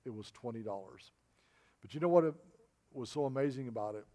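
A man's voice: mid-range voice, expressive, a little fast. Man preaching a storytelling sermon. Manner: storytelling, addresses listeners as folks, drops to a soft voice for quoted lines.

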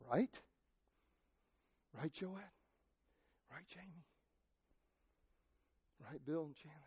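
A male pastor preaching a sermon, impassioned, moving from shouted cries to near-quiet asides. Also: fairly high pitch, lively intonation, very slow, long pauses, breathy edge, no echo.

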